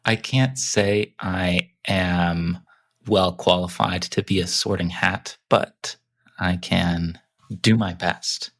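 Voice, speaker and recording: A man's voice: low voice, takes it slowly. A man with an American accent co-hosting a casual podcast, hedging at first and then arguing his point. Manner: hesitant, hedging, then animated when arguing. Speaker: podcast co-host. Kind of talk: casual chat.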